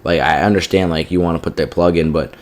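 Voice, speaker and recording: A man with a deep voice delivers a rambling spoken rant about a show. He swears often and keeps checking in with "you know what I mean", sounding fed up throughout. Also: fairly even intonation, fast talker. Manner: profane and exasperated, heavy use of "like" and "you know what I mean". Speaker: TV show reviewer. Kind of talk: casual ranting review.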